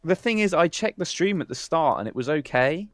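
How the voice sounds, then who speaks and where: A male guest on a livestream, teasing his host in a wry, casual way. His voice sits a little high, recorded dry and close with no room sound. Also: expressive, a little fast, fairly bright tone, dry recording. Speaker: guest streamer.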